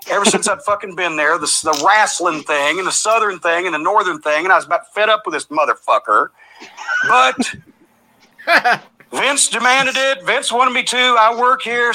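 A man's voice: high voice, bright, forceful tone, low-quality recording. An older man telling a profane backstage story, swearing constantly and animatedly acting out the lines he quotes. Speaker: storyteller recounting wrestling backstage days. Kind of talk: profane anecdote.

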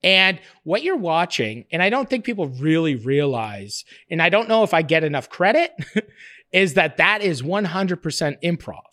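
Man, casual interview guest, profane, rambling, somewhat high voice, dry close sound. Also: moderate pace, no room sound. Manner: rambling, profane, restarts often; animated, laughs while telling stories. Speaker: interview guest, cooking show creator.

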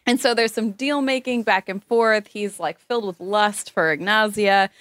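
A woman retells a book's plot in relaxed, chatty talk, and she now and then mimics the characters with mocking voices. Her voice sits at an average pitch. The room sounds dry and close. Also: normal speed, dry recording. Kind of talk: casual chat.

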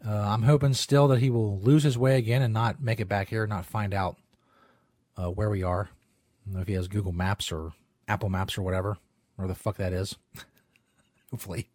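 A man hosting a comedy talk show in a fairly low voice. He sounds wry and laid-back, drifting between jokes and viewer comments with casual swearing. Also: fairly even intonation, brisk, a little mellow. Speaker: host.

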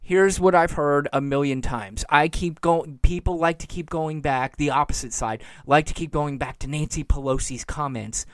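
This podcast host has a fairly high voice, speaks at normal speed with few pauses, and is captured in clean studio sound without room noise. On his own show he delivers exasperated, sarcastic opinions, ridiculing the people he covers.

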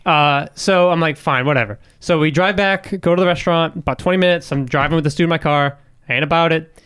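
A man's voice: a little high, fast talker, a bit bright, clean tone. A young man on a casual podcast, telling a story with swearing and acting out the quotes. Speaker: guest storyteller.

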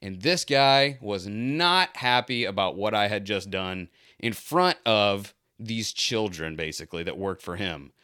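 A man's voice: on the low side, measured pace, clean tone, no echo, studio quality. A man who cleans pools tells a personal story casually, poking fun at himself and acting out what people said. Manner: animated, self-mocking, acts out quoted lines. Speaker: pool cleaner.

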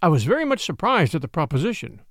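A man narrating a ghost story aloud in a measured, expressive way, on a close mic. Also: a little high, no echo.

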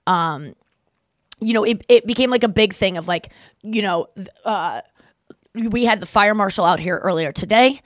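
A woman co-hosting a podcast, spinning an animated, rambling story with plenty of casual swearing. Her pitch sits at an ordinary middle height for a woman. The sound is close and dry, with no room around it. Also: moderate pace, pauses often, no echo. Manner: animated, rambling anecdote-telling with frequent swearing. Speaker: podcast co-host.

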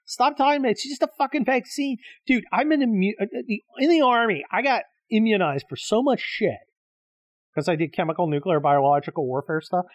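A middle-aged man with a rather high voice rants alone on his show, combative, exasperated and swearing freely. It's recorded in clean studio sound without echo.

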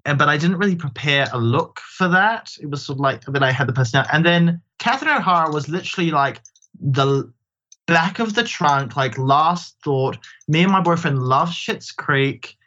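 A man's voice: fairly high pitch, moderate pace. Chatty self-mocking man, dull lo-fi sound. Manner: chatty, self-deprecating, animated storytelling. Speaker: guest, drag performer. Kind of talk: casual interview chat.

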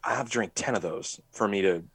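A man's voice: on the low side, normal speed, a bit bright, slightly rough, no room sound. A man co-hosting a podcast in casual chat, blunt and emphatic, swearing freely as he gives strong opinions. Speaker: podcast co-host.

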